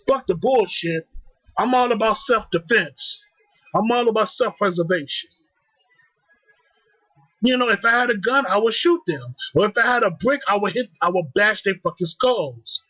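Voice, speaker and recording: A man's voice: sits high, normal speed, sharp tone, dry recording, poor audio. A young man ranting angrily to the camera, heated and profane, repeating himself. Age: young adult. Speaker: vlogger. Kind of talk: angry rant.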